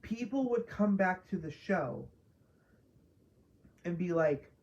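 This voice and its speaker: Slow-talking, foul-mouthed woman reviewer. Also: fairly low pitch, lively intonation, a little mellow, muffled recording. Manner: profane, exasperated, mocking mimicry. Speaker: TV show reviewer. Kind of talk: casual spoiler review rant.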